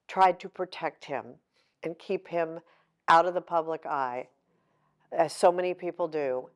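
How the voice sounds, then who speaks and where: Middle-aged lady giving a heartfelt talk at a book signing, kinda low voice, jokes at her own expense. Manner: candid, emotional, with self-deprecating humor. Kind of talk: public talk to an audience.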